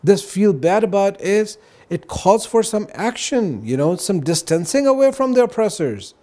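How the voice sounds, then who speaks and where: Earnest man with a mellow voice. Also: high-pitched, animated, normal speed. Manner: earnest, explanatory, peppered with "right?" and "you know". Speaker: guest on a religious talk show. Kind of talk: casual explanatory talk.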